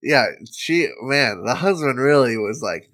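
A man's voice: mid-range voice, expressive, unhurried, a bit bright, no echo. A man in casual podcast chat, laid-back and joking, swearing now and then.

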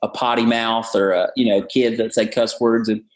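A man's voice: medium pitch, flat delivery, moderate pace. A man with a Southern American accent, a pastor explaining his sermon in a podcast interview with an earnest preaching cadence. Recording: roomy echo.

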